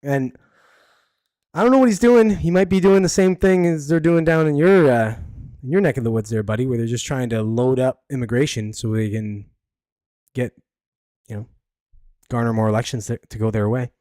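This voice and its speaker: A man's voice: mid-range voice, fairly even intonation, normal speed, warm tone, dry recording. Man, solo podcast host, loose blunt rambling, dry close sound. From Canada. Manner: rambling, blunt, many fillers. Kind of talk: casual solo commentary.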